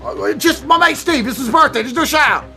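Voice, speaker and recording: A man's voice: extremely high pitch, expressive, fairly quick, sharp tone, soft background music, pitched above the performer's own voice, heavily acted. A man voicing a pushy, eager Australian fan in an exaggerated, put-on broad Australian accent, repeating "mate" over and over.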